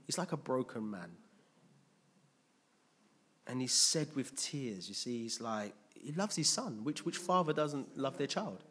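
A man's voice: mid-range voice, expressive, measured pace, long pauses, a bit bright, breathy edge. A man preaching a conversational sermon, often checking in with his listeners.

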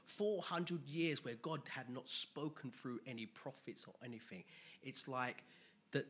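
Guy preaching, husky and bright, goes quiet then loud. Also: a little high. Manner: conversational, swings between quiet asides and loud emphatic bursts. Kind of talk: sermon.

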